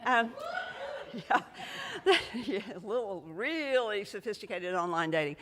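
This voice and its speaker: Brief: woman, committee update from the pulpit, mid-pitched, chatty with a joking edge, long church reverb. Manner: chatty, emphatic, lightly joking. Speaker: search committee member. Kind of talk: church announcement. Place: church sanctuary.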